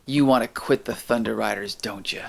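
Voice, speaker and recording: A man voicing a drawling adult male cowboy stunt rider with a slow, low Southern drawl. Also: gravelly. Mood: menacing.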